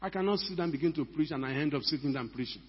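A man's voice: fairly high pitch, racing, husky. An older man preaching a sermon as a pastor, emphatic and full of rhetorical questions to the congregation. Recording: echoey hall, dull lo-fi sound.

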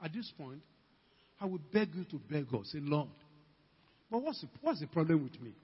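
Older preacher, husky and echoing. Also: male voice, fairly high pitch, big pitch swings, normal speed. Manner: fervent exhorting preacher, acts out quoted dialogue. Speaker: pastor. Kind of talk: sermon. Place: church hall. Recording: dull lo-fi church recording with long reverb.

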